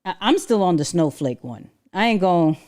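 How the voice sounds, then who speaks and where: A woman hosting a casual livestream, talking in an animated, slangy way and laughing often. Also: on the low side, moderate pace. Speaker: livestream host.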